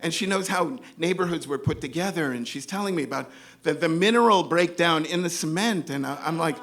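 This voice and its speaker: A man's voice: on the high side, fairly quick, creaky. A man telling a comic story from his life to an audience, acting out the voices of the people in it. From New York. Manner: animated, acts out other characters' voices. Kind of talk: live comedic storytelling.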